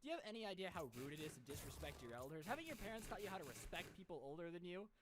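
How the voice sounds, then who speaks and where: Young man mimicking a self-righteous older man, lecturing, indignant, slightly lower. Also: lively intonation, very fast, noisy background. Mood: scolding.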